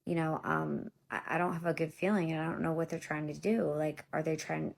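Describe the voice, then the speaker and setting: A woman in her thirties rattles through a casual storytime monologue at a fairly quick pace, her voice low and gravelly. She talks directly to viewers as y'all, blunt, swearing, and exasperated as she tells her own story.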